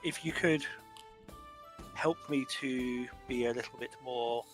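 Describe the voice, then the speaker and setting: A man's voice: medium pitch, fairly even intonation, over music, natural voice. A man voicing an ancient male warforged construct who speaks in a formal, roundabout way. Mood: courteous. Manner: formal, measured, politely roundabout.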